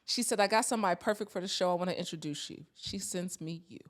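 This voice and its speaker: A woman hosting an interview, chatting casually and affirming her guest with quick agreement. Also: on the low side. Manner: warmly affirming, quick back-channel agreement. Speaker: host.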